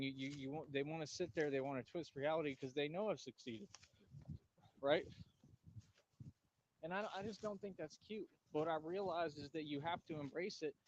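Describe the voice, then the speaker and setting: A man rambling boastfully to his camera in an outdoor vlog, bragging about himself and cooing at squirrels in a high voice. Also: muffled recording, a little hiss or hum. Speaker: vlogger. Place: outdoors near trees.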